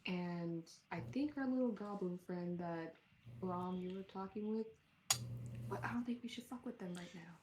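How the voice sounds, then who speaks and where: A woman voicing her cautious adventurer in a slow, hushed whispered role-play. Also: fairly low pitch, close to an everyday voice, poor audio. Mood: wary.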